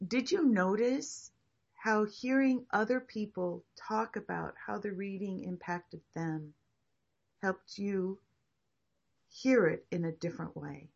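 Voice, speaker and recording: A woman facilitating a group discussion, reflective and encouraging, talking in halting restarts. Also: mid-range voice, gravelly, highs cut off.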